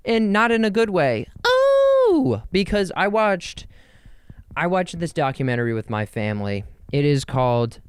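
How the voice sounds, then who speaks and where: A young man hosting a casual solo podcast from home, rambling and joking, and spelling words out loud as he goes. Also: medium pitch, clean tone, dry recording. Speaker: podcast host. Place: home in New Jersey.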